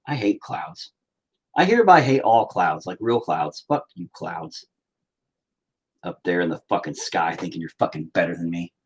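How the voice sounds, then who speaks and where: A man's voice: on the low side, vocal fry, breathy edge. A man rambling and swearing in mock anger as he paints and talks to his viewers. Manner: profane, rambling, mock-angry. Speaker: painting vlogger. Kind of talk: casual rant while painting.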